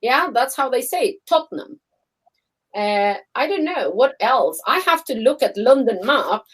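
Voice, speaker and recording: A woman from Albania with an Albanian accent, co-hosting a casual live-stream chat, animated and laughing often. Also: fairly high pitch, moderate pace, husky, rough recording. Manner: animated, laughs often, acts out quoted people. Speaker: co-host. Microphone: phone or webcam on a live stream.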